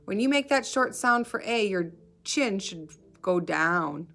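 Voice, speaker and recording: Slow, patient kindergarten teacher woman. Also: mid-range voice, lively intonation, a bit bright. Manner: slow, clearly enunciated letter sounds, encouraging. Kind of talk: phonics lesson for young children.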